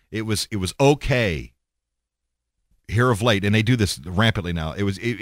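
A man hosting his own podcast, holding forth in a blunt, profane, rambling way. His pitch swings widely as he talks, and his voice sounds dry and close to the mic with no room around it. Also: dry recording. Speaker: podcast host. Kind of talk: casual monologue.

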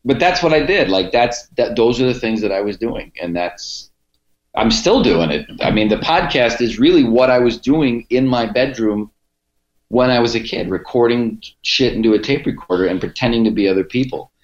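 In a casual interview, this Cleveland podcaster and comedian uses an animated, mid-range voice at a moderate pace, rambling and restarting as he tells his stories. The sound is dull and echoey.

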